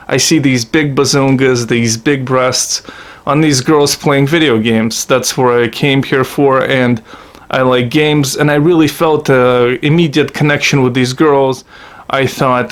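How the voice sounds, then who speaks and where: A man hosting a comedy video, delivering a satirical monologue as a profane, sarcastic, mock-earnest rant. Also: mid-range voice.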